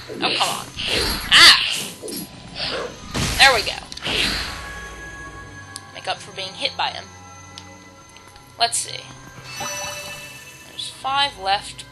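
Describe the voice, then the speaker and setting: A woman's voice: medium pitch, poor audio. A woman giving rambling, self-deprecating let's play commentary while she plays a game. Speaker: gamer. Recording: game music underneath.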